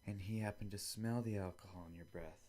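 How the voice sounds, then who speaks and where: A man's voice: lowish voice, steady tone, brisk, mellow. A young man hosting a solo podcast, rambling casually and acting out both sides of made-up conversations, with some swearing. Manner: rambling, acts out both sides of imagined dialogues; casual and profane. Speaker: podcast host.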